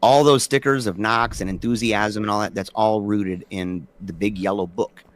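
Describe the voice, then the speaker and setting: A man's voice: fairly low pitch, steady tone, normal speed. A man in his forties, a podcast guest telling stories casually and acting out quoted dialogue with animation. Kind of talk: casual storytelling conversation.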